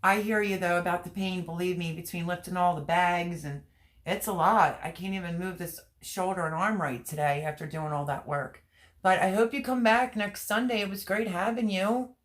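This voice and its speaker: A woman's voice: on the low side, steady tone, normal speed. Giggly woman laughing through a livestream chat. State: teary from laughing. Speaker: livestream host reading chat. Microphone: webcam or phone on a stream.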